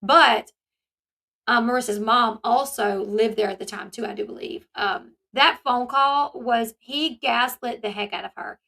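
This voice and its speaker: A woman's voice: fairly high pitch, a little slow, vocal fry, bright, forceful tone. A woman hosting a commentary channel, talking casually and animatedly, retelling events and acting out the people she quotes.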